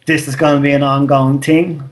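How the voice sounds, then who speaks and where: A man's voice: fairly high pitch, flat delivery, brisk. An Irish man in his thirties, co-hosting a podcast in casual chat, telling a loose, slangy story and swearing freely. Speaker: podcast co-host.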